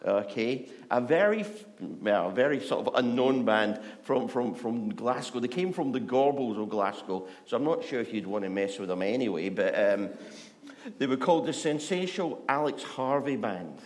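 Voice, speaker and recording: A man preaching a conversational sermon, chatty and humorous, who often lowers his voice to a soft, hushed delivery. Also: expressive, moderate pace.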